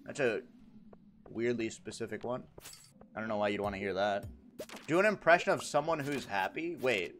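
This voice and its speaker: A young man streaming a game, chatting casually with his viewers in a joking, animated way and laughing often. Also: on the low side, moderate pace, pauses often, slight background noise. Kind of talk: casual livestream chat, reacting to chat.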